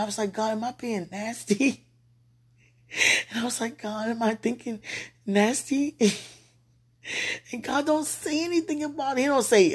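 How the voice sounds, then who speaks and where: A woman's voice: on the high side, breathy edge. A tipsy woman rambling casually to her viewers, giggling and interrupting herself as she talks. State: tipsy from wine. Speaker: live streamer.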